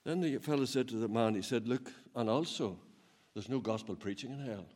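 A man preaching a sermon, swinging between loud emphatic peaks and low, quiet asides, with a chuckle now and then. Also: brisk. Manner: laughs while telling stories.

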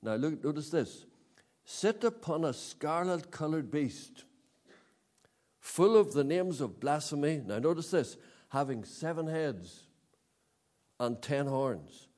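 A man delivers an emphatic sermon to an evening audience in a meeting hall, asking rhetorical questions and repeating key words. His slightly high, a little mellow voice is sing-song and slow, with frequent pauses.

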